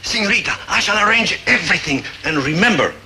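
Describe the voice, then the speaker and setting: An actor playing a suave, scheming Latin ship steward in a 1960s sitcom, smooth and ingratiating. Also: male voice, high-pitched, lively intonation, fast, sharp tone, a little hiss or hum, exaggerated voice.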